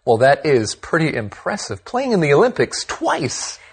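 A man's voice: fairly high pitch, huge pitch swings, normal speed, slightly rough. A man co-hosting an English lesson, explaining phrases in an upbeat, plain-spoken way. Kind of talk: scripted language lesson chat.

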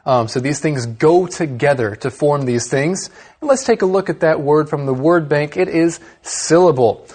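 A man's voice: a little high, moderate pace, darkish tone. A man co-hosting an English lesson program, explaining words in an upbeat teacher's manner. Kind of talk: scripted educational chat.

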